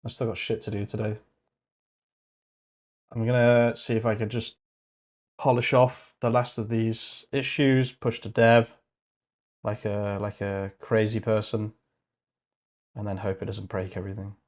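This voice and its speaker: A man's voice: on the low side, level tone, unhurried, long pauses, a little mellow. A man hosting his channel's livestream in casual chat, joking and laughing at his own jokes. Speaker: channel host.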